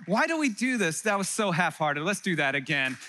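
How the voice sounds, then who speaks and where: A middle-aged man from California preaching a sermon to a live congregation, animated and joking, with quick asides to the listeners. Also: sits high. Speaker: pastor. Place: church hall before a live congregation.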